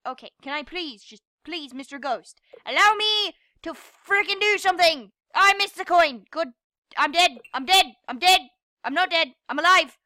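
A young woman playing a game and commenting, frustrated, swearing and yelling at it. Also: sits high, no room sound. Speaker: gamer. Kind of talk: gameplay commentary.

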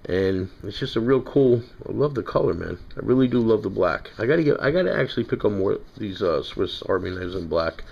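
Casual New York guy, lower pitch, rambling product-review talk, muffled lo-fi sound. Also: expressive, brisk, gravelly, few pauses, darkish tone. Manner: rambling, chatty, self-correcting. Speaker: knife collector reviewing knives.

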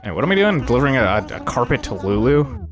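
Chatty, lively let's-play host. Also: medium pitch, quick pace, faint music behind. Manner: chatty, jokey, with many fillers. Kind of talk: casual game commentary.

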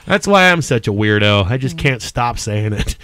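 A man's voice: medium pitch, lively intonation, normal speed, fairly bright tone, no echo. A man hosting a music podcast, chatting casually in a playful, goofy way. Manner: playful, goofy, laughing often. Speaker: podcast host. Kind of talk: casual chat.

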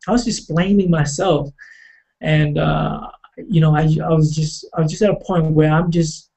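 A man telling a personal story in a halting, reflective way, with many fillers and restarts. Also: a little high, creaky, dark tone, poor audio.

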